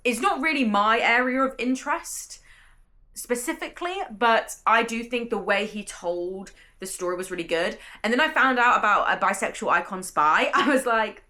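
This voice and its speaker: Chatty bright-voiced British woman. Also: on the high side, expressive, normal speed. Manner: chatty, enthusiastic, rambling. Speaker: vlogger, bookseller. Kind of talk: casual vlog narration. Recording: staticky audio.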